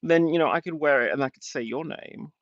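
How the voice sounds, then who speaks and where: A man's voice: on the high side, fairly quick, a bit bright, no room sound. A man on a livestream, answering chat in an emotional, rambling rant and swearing often. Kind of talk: rambling live-stream talk. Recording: dull lo-fi dry sound.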